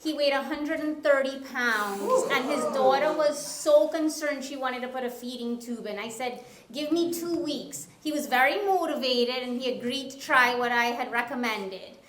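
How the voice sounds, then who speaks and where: A woman's voice: high voice, normal speed, few pauses, a bit bright, slight background noise. A woman health practitioner on a seminar panel, earnestly telling a patient story. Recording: echoey room.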